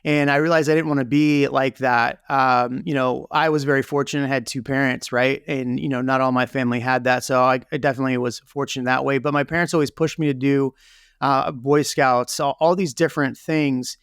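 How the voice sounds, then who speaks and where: Gravelly-voiced man telling his story. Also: medium pitch, steady tone, brisk, fairly bright tone, dry recording, clean studio sound. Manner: candid, lots of fillers like "you know" and "right?". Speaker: real estate team leader, guest. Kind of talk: conversational interview storytelling.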